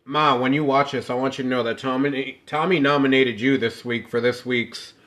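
A man's voice: medium pitch, normal speed. A man co-hosting a casual podcast, telling family stories with lots of swearing and acted-out quotes. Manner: animated storyteller, profane, acts out quotes. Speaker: podcast co-host.

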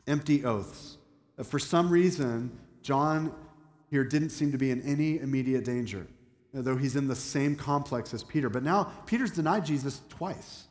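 A man's voice: mid-range voice, normal speed. Man preaching in an echoey hall. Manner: conversational preaching, asks the congregation questions. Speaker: pastor. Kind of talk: sermon. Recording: echoey hall with long reverb.

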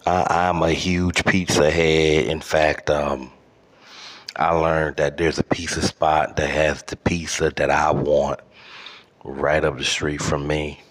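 Deep voiced guy doing a slow, sweary podcast rant, lots of uhs and ums. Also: flat delivery, fairly bright tone. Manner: profane, exaggerated outrage with frequent fillers. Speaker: podcast host. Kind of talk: solo comedic rant.

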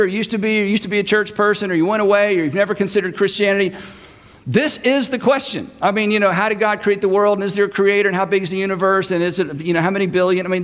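A man's voice: high voice, fairly bright tone, in a large hall. A man preaching a sermon, telling the story vividly and acting out scenes with asides to the audience. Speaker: pastor.

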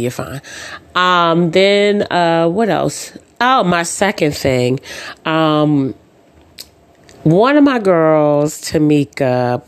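Podcast host, woman with a deep speaking voice; chatty storyteller who acts out dialogue, many ums and uhs. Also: gravelly. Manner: says "um" and "uh" often. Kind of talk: casual chat.

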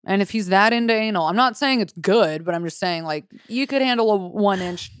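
A woman's voice: medium pitch, fairly quick, clear, resonant tone, dry recording, clean studio sound. A woman co-hosting a podcast, chatting loosely and profanely and reading out listener letters. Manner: loose, profane, laughing often. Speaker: podcast co-host.

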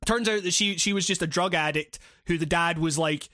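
A man talks through a game's story in loose, rambling chat, peppered with swearing and restarts. His voice sits high for a man. The recording is close and dry, with no room sound. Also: fairly quick, sharp tone, no echo. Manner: rambling, profane, with many fillers and restarts. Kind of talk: casual chat recapping a video game.

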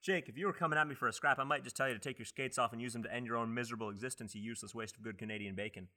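A man's voice: mid-range voice, racing, sharp tone. A man hosting a comedy podcast, brashly roasting his co-hosts with jokes. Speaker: podcast host.

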